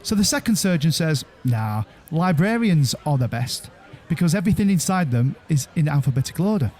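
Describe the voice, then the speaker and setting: A man co-hosting a podcast in casual chat, telling jokes with halting restarts. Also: fairly high pitch, sing-song, a little mellow. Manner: halting, stammering restarts, chuckling joke teller. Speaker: podcast co-host.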